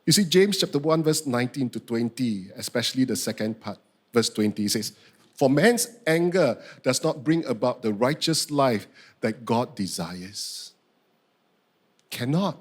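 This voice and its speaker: A middle-aged man, preaching a sermon and telling a personal story with animated, acted-out outbursts. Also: mid-range voice, moderate pace, slightly rough. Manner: animated storytelling, acting out his own outbursts. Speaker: pastor.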